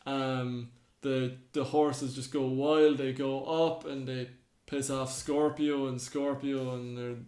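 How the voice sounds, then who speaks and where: A man's voice: medium pitch, little pitch movement, takes it slowly, few pauses, darkish tone. A man, co-hosting a podcast, casually retelling myths and acting out the characters' lines. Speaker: podcast co-host. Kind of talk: casual storytelling chat. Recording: roomy echo.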